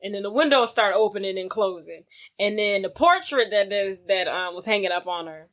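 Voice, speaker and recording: A woman co-hosting a podcast, casually retelling a film's plot in slang-filled, animated chat. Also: medium pitch, brisk. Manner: animated storytelling with acted-out quotes. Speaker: podcast co-host. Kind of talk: casual movie recap chat.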